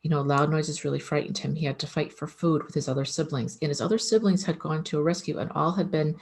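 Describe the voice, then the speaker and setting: A woman's voice: low voice, steady tone, fast, a little mellow, slight background noise. A woman, an animal communicator, giving casual advice in an earnest, conversational way that often repeats itself.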